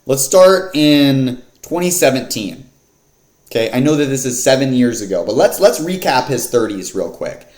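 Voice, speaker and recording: A man talking through fight picks in a loose, slangy way, full of fillers and asides. His voice sits at an ordinary middle pitch. The room around him is echoey. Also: lively intonation, moderate pace, darkish tone. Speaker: MMA fight picks vlogger. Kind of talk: casual fight card breakdown.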